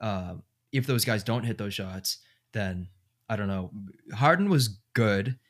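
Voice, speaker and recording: A man's voice: on the low side, expressive, measured pace. A man hosting a casual sports podcast, thinking aloud with lots of fillers. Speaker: podcast host.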